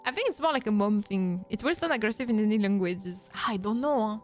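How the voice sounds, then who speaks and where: A woman's voice: mid-range voice, animated, moderate pace, faint music behind. A woman from France with a French accent, chatting casually on a live Q&A stream, reading chat and laughing often. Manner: reads chat aloud, laughs often, playful teasing. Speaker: vtuber streamer.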